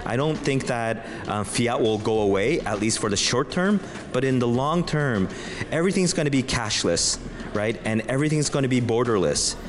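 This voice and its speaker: A man's voice: medium pitch, expressive, normal speed. Man, interview clip, earnest, emphatic, noisy background. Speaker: interviewee at a crypto event. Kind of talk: interview answer played as a clip. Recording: noisy event recording.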